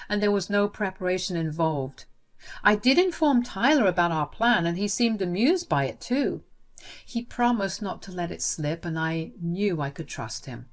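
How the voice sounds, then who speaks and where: A woman narrating a first-person story in an indignant, dramatic way. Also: fairly low pitch.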